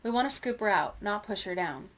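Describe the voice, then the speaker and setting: A woman reading aloud, voicing a calm, commanding elephant matriarch in a steady, instructive way. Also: medium pitch, brisk, natural voice.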